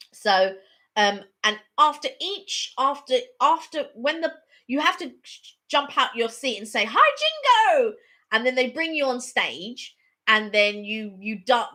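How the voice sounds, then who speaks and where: Lively bright-voiced woman rambling through a story. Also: medium pitch. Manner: rambling, repetitive, animated storytelling. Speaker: live stream co-host. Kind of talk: casual storytelling chat.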